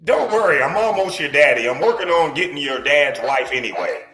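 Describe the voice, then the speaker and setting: A man's voice: fairly high pitch, very animated, fairly quick, a bit bright, echoey room, faint music behind. A man voicing a crude, bossy older man who barks orders at a boy. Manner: gruff, bossy.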